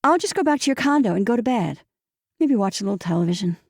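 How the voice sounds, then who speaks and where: A guarded young woman from a romance audiobook, answering in brisk, slightly dry replies, as the woman narrator voices her. The voice is a little lifted and has a gravelly fry, recorded dry and close. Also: mid-range voice, expressive, no echo.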